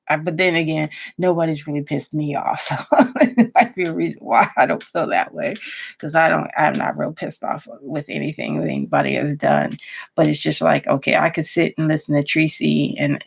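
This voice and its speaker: A woman's voice: deep voice, gravelly. A woman vlogger chatting casually at her computer, rambling and restarting her sentences as she thinks aloud. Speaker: YouTuber. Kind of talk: casual vlog chat.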